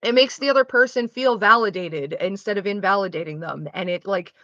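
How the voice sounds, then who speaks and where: Bright, frank young woman streamer. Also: medium pitch, a little fast, dry recording. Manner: frank, explanatory, swears freely, acts out quoted reactions. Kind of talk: casual chat while streaming a game. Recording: dull lo-fi dry sound.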